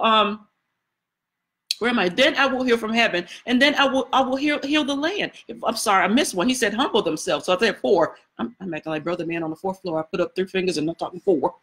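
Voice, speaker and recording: A woman's voice: fairly high pitch, fairly bright tone. A woman preaching a sermon in a conversational style, repeating phrases and talking directly to her listeners. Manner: conversational preaching with repetitions and asides to the congregation. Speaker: prophetess preaching.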